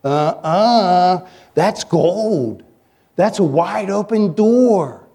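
A male pastor preaching a sermon, telling stories in an animated, joking way as he coaches his listeners. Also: sits high, extremely slow, breathy edge. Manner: animated, jokey storyteller who coaches the audience. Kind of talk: sermon with storytelling.

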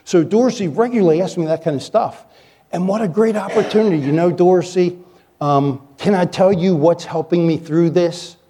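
A male pastor preaching a sermon, telling stories in an animated, joking way as he coaches his listeners. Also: sits high, normal speed, husky. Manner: animated, jokey storyteller who coaches the audience. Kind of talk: sermon with storytelling.

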